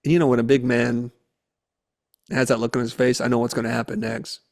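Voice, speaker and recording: A man's voice: medium pitch, brisk. A man, a guest speaker, telling a story in a podcast interview and acting out the quotes in it. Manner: animated storyteller who acts out the quotes. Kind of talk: conversational storytelling.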